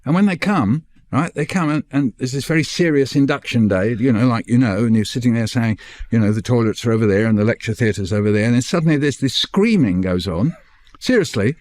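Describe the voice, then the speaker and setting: An older man, a guest on the show, telling a lively anecdote and acting out the voices of the people in it. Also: medium pitch, a little fast, no echo. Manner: animated, acts out voices in his stories. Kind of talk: anecdotal storytelling.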